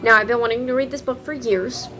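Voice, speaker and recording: A woman's voice: on the high side, steady tone, quick pace, background noise. A young woman, chatting casually to camera about books, swearing freely and laughing often. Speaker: book vlogger.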